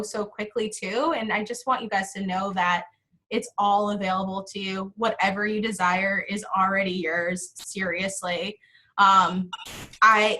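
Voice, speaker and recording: Bright-voiced woman, heartfelt and casual. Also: mid-range voice. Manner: heartfelt, casual, swears, often laughs. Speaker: founder and host of an online school. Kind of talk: live-streamed closing talk, reading viewer comments aloud.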